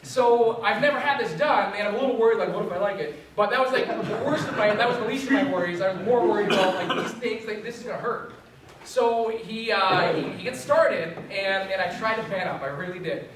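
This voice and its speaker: A young man telling a funny story to a group as a trainer, animated and self-mocking. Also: sits high, brisk, a crowd in the background. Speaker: resilience trainer. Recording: echoey room from far off.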